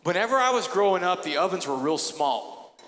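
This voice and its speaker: A woman's voice: on the low side, animated, brisk, close to an everyday voice. A man voicing a pleading old grandmother who explains an old family kitchen habit, heard as echoey hall sound.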